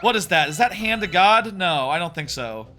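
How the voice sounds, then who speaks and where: A man in his thirties rambles through casual stream chatter, full of ums and restarts. His voice sits fairly high and sounds bright and forceful. Faint game music plays behind him. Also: expressive, normal speed. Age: 30s. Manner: rambling, with many fillers and restarts. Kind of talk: casual live-stream chatter while gaming.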